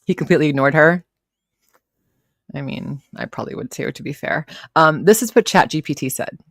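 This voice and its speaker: A woman with a low voice chats casually on her live stream, rambling between posts and greeting viewers by name. Her voice is recorded close and dry, with no room sound around it. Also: a little fast, creaky, no room sound. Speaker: livestream host reacting to commentary.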